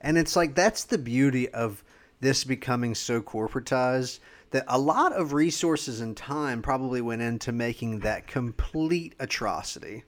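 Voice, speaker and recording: A man's voice: medium pitch, expressive, normal speed. A man with a mid-range voice co-hosting a sports podcast. He drops in wry, joking remarks during a casual back-and-forth. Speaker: podcast co-host.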